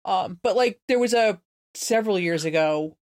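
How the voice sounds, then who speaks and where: A woman's voice: medium pitch, normal speed, dry recording. Woman, podcast co-host, chatty, lots of fillers, casual chat, dry sound. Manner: chatty, lively, many fillers like "you know".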